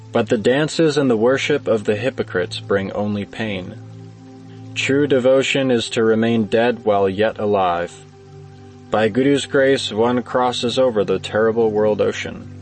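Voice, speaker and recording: A man giving a measured, solemn devotional scripture reading. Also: mid-range voice, rough recording. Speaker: scripture reader.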